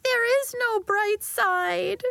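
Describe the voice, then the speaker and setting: Weepy little girl as a woman reads her, high and tearful, pleading, dry close sound. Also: very slow, gravelly, pushed and bright, dry recording, heavily acted. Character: young girl, sad and weepy. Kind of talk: storybook reading.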